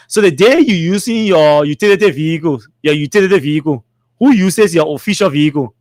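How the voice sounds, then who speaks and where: A man's voice: a little high, fairly quick, darkish tone, no room sound, clean studio sound. A man with a Liberian English accent hosting a talk show, reading out social media comments with mocking asides and laughter. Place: studio.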